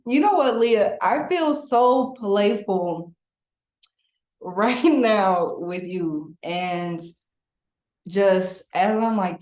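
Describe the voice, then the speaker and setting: A woman's voice: medium pitch, darkish tone. A woman energy healer guiding a client through a spiritual session in a playful, laughing way. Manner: playful, laughing, breathy coaching. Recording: roomy echo.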